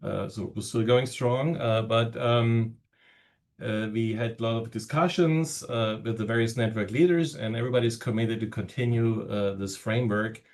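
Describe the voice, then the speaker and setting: Man, German accent, network director, opening remarks, halting with fillers, video call audio. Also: medium pitch, darkish tone. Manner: halting, many fillers and pauses.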